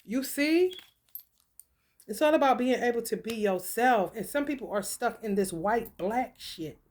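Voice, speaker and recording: A woman's voice: a little high, lively intonation, normal speed, darkish tone. A woman hosting a casual livestream and reading oracle cards. She swears freely, laughs often and talks straight to her viewers.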